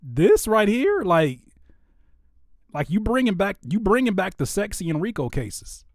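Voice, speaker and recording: A man's voice: sits high, big pitch swings, measured pace, dry recording, studio quality. A man hosting a casual reaction show, hyped up, exclaiming and chanting along to beats. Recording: loud hip hop music playing behind. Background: loud hip hop music.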